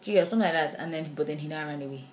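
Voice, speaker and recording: A Nigerian woman talks through a podcast discussion in a somewhat low voice, animated and full of restarts. She keeps checking in with her listener. There is a faint hum of room ambience behind her. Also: racing. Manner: animated, with frequent restarts and "do you understand?". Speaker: podcast co-host. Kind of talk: casual discussion.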